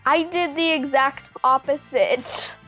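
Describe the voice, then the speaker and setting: Shy high-voiced girl. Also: takes it slowly, bright, forceful tone, faint music behind. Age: young, eleven. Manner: shy, shrugging, self-deprecating. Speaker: host's niece, guest. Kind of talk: casual chat.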